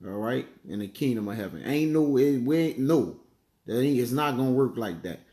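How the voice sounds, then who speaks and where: A man giving a casual sermon, chatting loosely and reading Bible verses slowly while he hunts for passages. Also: medium pitch, animated, mellow, roomy sound. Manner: conversational, peppers lines with "man" and "all right"; reads verses slowly, searches aloud for passages. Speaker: bible teacher.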